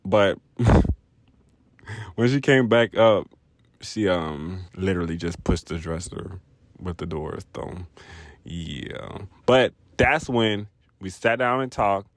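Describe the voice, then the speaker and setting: A young man telling a personal story in a casual vlog, rambling, animated and profane. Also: sits low, slow, long pauses, dry recording. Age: young adult. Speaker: vlogger.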